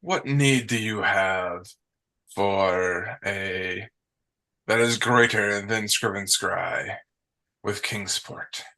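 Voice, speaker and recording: A stern, threatening master , as a man puts him on in a tabletop game, speaks in slow, measured lines. His voice sits low but carries a bright, forceful edge. He lets each threat hang. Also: heavily acted, rough recording. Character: stern male master of a penguin servant.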